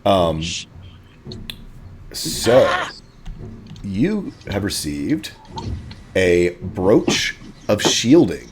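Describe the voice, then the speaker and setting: A man's voice: low voice, sing-song, drawn-out words, long pauses, noisy background. A man running a tabletop game as game master, chatty and playful.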